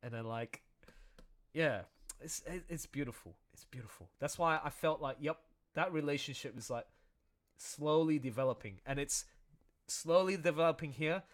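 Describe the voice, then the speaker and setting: A man chatting excitedly through commentary on his own audio drama, often laughing as he talks. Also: on the high side, moderate pace. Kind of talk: casual commentary livestream.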